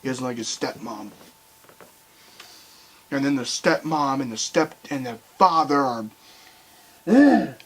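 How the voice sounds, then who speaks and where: A young man ranting heatedly to camera, swearing often and swinging between loud outbursts and quiet bitterness. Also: medium pitch, lively intonation, slow, long pauses, low-quality recording. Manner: heated, swearing, voice rising and falling sharply. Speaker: video commentator. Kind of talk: angry rant to camera.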